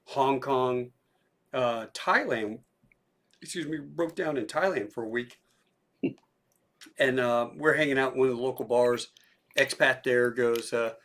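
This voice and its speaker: Brief: male podcast host, middle pitch, casual, hesitant anecdote-teller. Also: unhurried, pauses often, fairly bright tone. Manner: rambling anecdotes with hesitant fillers. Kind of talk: casual chat.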